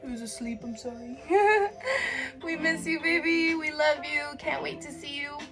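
Woman, fairly high voice, chatty, affectionate, casual video message, music behind. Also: normal speed. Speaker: friend sending a birthday message.

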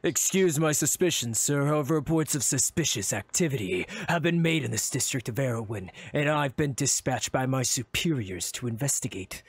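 A man voicing a suspicious young guard in a low, forced gruff voice, stern and formal. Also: lively intonation, moderate pace, few pauses.

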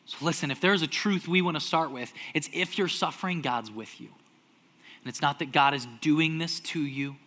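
A young adult man preaching a sermon as pastor, animated, swinging between loud acted-out outbursts and hushed, almost whispered lines. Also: fairly high pitch, normal speed.

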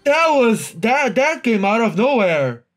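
A man narrates his own gameplay in a drawn-out, unhurried way, though he keeps bursting into exclamations and curses at a tough boss. Faint game music plays underneath his voice. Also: sits high. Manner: excitable, exclaiming and cursing at a boss fight. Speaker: gaming video host. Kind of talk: live gameplay commentary.

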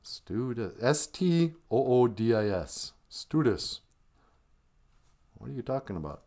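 A man's voice: lowish voice, lively intonation, measured pace, darkish tone. A middle-aged man hosting a live stream in casual chat, full of playful, joking asides.

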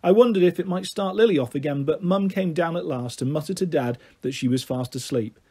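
A man narrating a children's book in a gentle, steady reading voice. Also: on the high side, fairly quick, husky. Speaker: storyteller.

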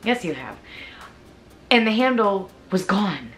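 A woman's voice: mid-range voice, big pitch swings, takes it slowly. A woman filming herself cleaning her kitchen at home, chatting and rambling to herself and laughing at her own remarks. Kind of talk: casual chatty self-talk while cleaning. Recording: echoey room, from far off, with music. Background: background music.

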